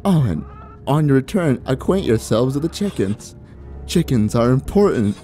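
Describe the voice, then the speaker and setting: Brief: cryptic old crone for a game, read by a man, hushed and mellow-toned, faint music under. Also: mid-range voice, very animated, moderate pace, natural voice. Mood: wry. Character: cryptic old female witch, sly and menacing. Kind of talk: voicing game dialogue.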